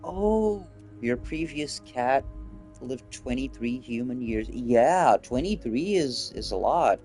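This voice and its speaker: Young male streamer, slow unhurried chat, game music faint under. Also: medium pitch, expressive, darkish tone. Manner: laid-back, rambling with fillers. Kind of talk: casual game commentary.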